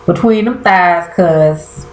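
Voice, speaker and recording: A woman's voice: fairly low pitch, slow pace, a little hiss or hum. A woman casually recapping a TV episode, chatty and colloquial, talking straight to her viewers and often trailing off and restarting. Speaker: TV show recapper. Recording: roomy echo.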